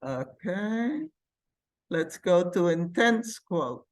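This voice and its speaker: Slow, patient woman teaching a computer class. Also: on the low side, lively intonation. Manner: patient, thinks aloud while clicking. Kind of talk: live classroom software demonstration.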